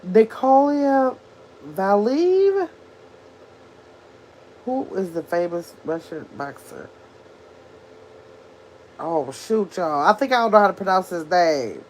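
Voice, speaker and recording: An older woman hosting a casual livestream, chatting with her viewers and reading their comments aloud as she thinks out loud. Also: on the low side, a little slow, long pauses, a little hiss or hum. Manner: chatty, animated, thinks out loud, addresses chat as y'all. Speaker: livestream host reading chat.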